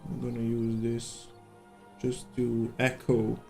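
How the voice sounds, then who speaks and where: A man's voice: medium pitch, monotone, takes it slowly, vocal fry, darkish tone, soft background music. A man with a worn-out voice, rambling and thinking aloud in casual chat while sketching on a live stream. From Serbia.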